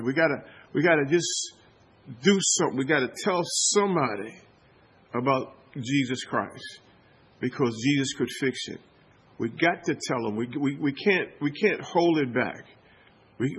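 Husky-voiced man preaching a sermon. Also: medium pitch. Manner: repetitive call-and-response preaching with many restarts. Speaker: pastor.

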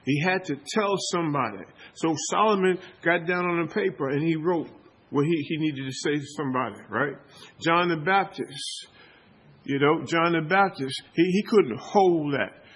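Husky-voiced man preaching a sermon. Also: on the high side, moderate pace, a bit bright. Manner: repetitive call-and-response preaching with many restarts. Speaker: pastor.

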